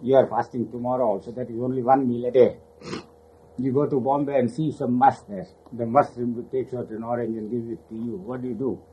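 A man's voice: mid-range voice, steady tone, a little fast, husky. An older man casually recounting memories of his spiritual teacher, rambling, laughing often and acting out the voices he quotes. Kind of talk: casual spoken reminiscence. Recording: muffled lo-fi recording.

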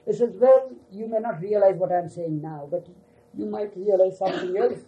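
An older man recalling his time with his teacher for a small gathering, unhurried and often adding "you see". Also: sits high, mellow, highs cut off. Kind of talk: reminiscing talk to a gathering.

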